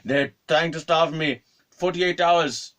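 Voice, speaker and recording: A man voicing a confused elderly man with dementia, speaking slowly in a high, drawn-out voice. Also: fairly even intonation, a bit bright. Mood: boastful. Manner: slow, high, drawn-out pleading.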